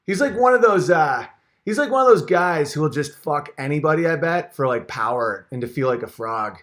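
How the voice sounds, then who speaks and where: A man hosts his own channel in a comedic rant vlog, his voice a little high, expressive, fairly bright and a bit fast. He rants heatedly, sarcastically and profanely, rambling with restarts and asides.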